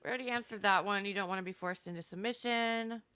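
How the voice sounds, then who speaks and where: A woman's voice: medium pitch, fast, sharp tone, clean tone, dry recording, studio quality. A woman co-hosting a podcast, reading quiz questions aloud in a matter-of-fact way and often laughing. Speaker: podcast co-host.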